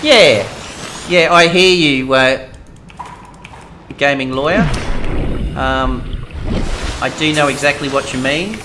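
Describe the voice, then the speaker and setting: A man's voice: medium pitch, slow pace, pauses often, noisy background. Australian man chatting on a live stream. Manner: hesitant, many ums, reads chat aloud. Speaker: game streamer. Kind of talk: casual live-stream chat.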